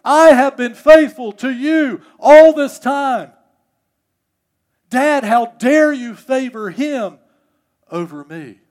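A preacher acting out a resentful older brother, a grown man who is indignant and speaks loudly and slowly. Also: very high-pitched, voice pushed up.

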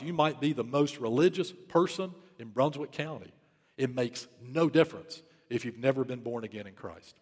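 A man's voice: mid-range voice, normal speed, in a large hall. A man preaching a sermon, telling a story in an urgent, emphatic way and repeating key phrases. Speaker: pastor.

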